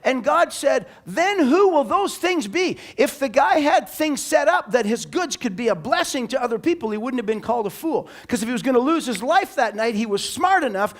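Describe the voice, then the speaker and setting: A man preaching a sermon in church as the pastor, animated and emphatic, now and then rising into loud bursts. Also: extremely high pitch, fairly quick, hardly any pauses.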